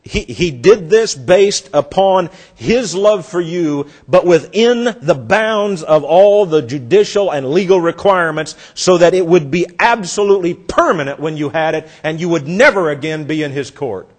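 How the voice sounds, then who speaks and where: A man preaching a sermon, telling a story earnestly and dropping soft for effect. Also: on the high side, animated, moderate pace, hardly any pauses.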